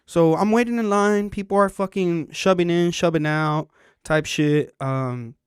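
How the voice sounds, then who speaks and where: Profane storytelling man, smooth voice. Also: fairly high pitch, measured pace, no echo, studio quality. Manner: animated, profane storytelling, acting out quotes. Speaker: podcast host. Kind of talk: casual storytelling chat.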